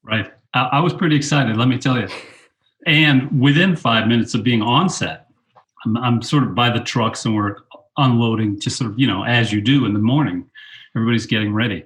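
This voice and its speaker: A man's voice: mid-range voice, brisk. An older man telling film-set stories in an interview, acting out his own past lines in a raised voice. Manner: animated anecdotes, quotes himself in a raised voice. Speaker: guest, film director and teacher. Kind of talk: storytelling interview.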